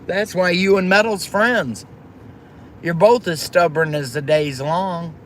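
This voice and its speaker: A woman hosts a livestream, chatting affectionately with viewers and calling them by name and pet names. Her voice is lowish and slow, with a little hiss or hum in the background.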